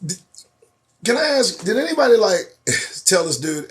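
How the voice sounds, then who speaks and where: Man, high voice, lively swings in pitch, sarcastic profane commentary, live stream. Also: unhurried. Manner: animated, profane, sarcastic ranting. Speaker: host. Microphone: phone or webcam on a live stream.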